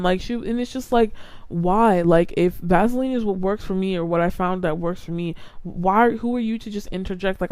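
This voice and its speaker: A woman's voice: medium pitch, darkish tone, smooth, no echo. A young adult woman hosting a podcast, ranting casually and with exasperation, full of "like" fillers. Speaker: podcast host.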